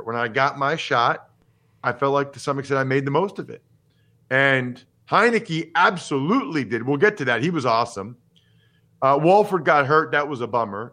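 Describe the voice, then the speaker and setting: A man in his forties hosts a casual sports podcast. His voice sits a bit high with a bright, forceful edge. He talks in an animated, opinionated way and jumps quickly between topics. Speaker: podcast host and former pro football player.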